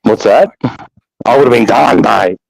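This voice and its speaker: A man with an Australian accent telling a long anecdote in casual chat, profane and animated, with many restarts. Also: mid-range voice, measured pace, vocal fry, dry recording, poor audio. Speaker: podcast storyteller.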